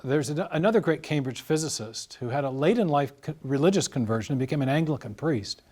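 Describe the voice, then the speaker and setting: A man's voice: on the high side, expressive, a little mellow. Lecturing man explaining with examples. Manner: measured, lecturing with examples and restarts. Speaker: guest scientist. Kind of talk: explanatory interview talk.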